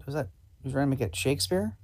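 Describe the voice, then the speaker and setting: A man's voice: mid-range voice, animated, fast talker, a little mellow. A man hosting a live improv show and playing a polite, hesitant casting director. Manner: polite, hesitant with many ums.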